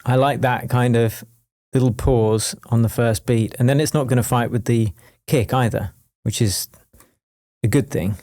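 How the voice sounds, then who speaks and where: A man's voice: mid-range voice, fairly even intonation, warm tone. Chatty, coffee-wired man teaching music production. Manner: chatty and jokey, quick with asides. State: wired on coffee, talking fast. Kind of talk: screen-recorded production tutorial.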